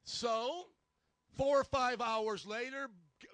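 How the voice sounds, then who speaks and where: A male pastor preaching a sermon, telling stories in an animated way and acting out the people he quotes. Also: very high-pitched, takes it slowly, dry recording. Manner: storytelling, animated, acts out quotes.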